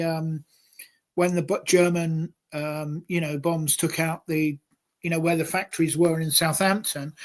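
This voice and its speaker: Man, fairly high voice, hesitant, full of ums. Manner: hesitant, many ums and restarts. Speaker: host. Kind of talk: casual live-stream chat.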